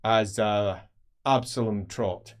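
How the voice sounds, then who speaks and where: A man running a tabletop role-playing game as game master, describing each scene at an unhurried pace. He talks in a plain middle register and hesitates often, filling the gaps as he finds his words. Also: fairly low pitch, fairly even intonation. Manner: hesitant, many fillers.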